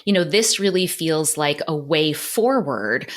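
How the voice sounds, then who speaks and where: The speaker is a woman podcast host with a slightly low voice. She talks in an earnest, effusive manner while welcoming a guest and discussing the book. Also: lively intonation, a little slow. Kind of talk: podcast interview.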